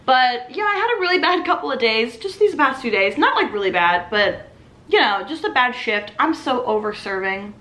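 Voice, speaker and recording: Recounting a story with casual enthusiasm, a young server in her twenties performs her customers' voices. She speaks at a normal speed with a fairly high pitch, and the sound is reverberant.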